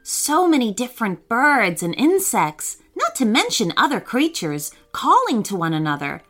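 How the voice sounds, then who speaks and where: A woman narrating a children's story in a gentle, expressive way, voicing the children as she goes. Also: a little high, moderate pace, soft background music.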